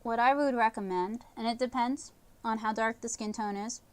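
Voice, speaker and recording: A woman teaching watercolor painting on a livestream, talking casually and in halting phrases while she paints. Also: fairly high pitch, fairly even intonation, clean tone. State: talking with a candy in her mouth. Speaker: art instructor.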